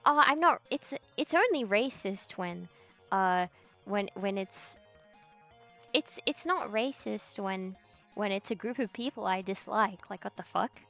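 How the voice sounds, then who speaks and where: A woman's voice: medium pitch, gravelly, fairly bright tone. Blunt, swearing young woman streamer. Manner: blunt, heavy swearing, slangy "bro". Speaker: streamer reading chat. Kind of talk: casual ranting chat.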